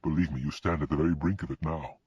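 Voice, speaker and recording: A man's voice: rumbling low, steady tone, quick pace, darkish tone, slightly rough, no echo, full character voice. A man voicing an earnest young man who serves as Death in an audiobook, speaking in a pleading, urgent way. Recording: dull lo-fi recording.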